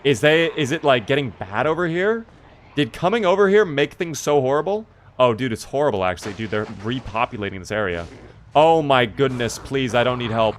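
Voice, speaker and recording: Joking young streamer, noisy audio. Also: male voice, mid-range voice, brisk, fairly bright tone. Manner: casual, joking, swears, answers chat aloud. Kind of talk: live gameplay commentary.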